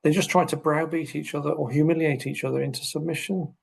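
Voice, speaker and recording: Gravelly-voiced middle-aged man explaining. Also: a little high, quick pace, poor audio. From United Kingdom. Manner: animated storyteller, acts out quoted speech. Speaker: guest, social care researcher. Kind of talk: conversational podcast interview.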